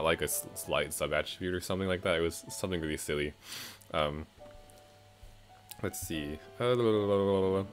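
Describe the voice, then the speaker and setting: A man's voice: low voice, a bit bright. A man casually reviewing game updates in a rambling way, with lots of fillers and self-corrections. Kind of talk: casual commentary. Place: home, music playing behind.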